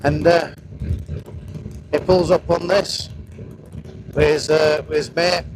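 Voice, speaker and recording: A man's voice: fairly high pitch, flat delivery, slow. A man in his thirties with a Northern English accent, chatting and swearing as he tells rambling stories while riding a motorcycle. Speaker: motovlogger. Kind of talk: casual chat while riding. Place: outdoors on a moving motorcycle. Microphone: helmet-mounted action camera mic. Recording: wind and engine noise.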